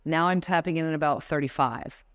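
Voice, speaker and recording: A woman's voice: deep voice, a little fast. A woman in her forties giving a motivational talk at a conference, guiding the audience through breathing exercises and speaking directly to them. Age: 40s. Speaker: guest speaker. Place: conference room before a seated audience.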